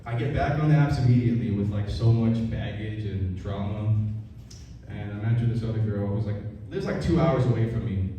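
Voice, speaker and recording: A man's voice: on the low side, brisk, warm tone. A young man performing a stand-up comedy set, telling stories casually and with lots of swearing. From Mexican heritage. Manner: profane, conversational storytelling. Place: comedy club stage with a laughing crowd. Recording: echoey, distant, noisy club recording.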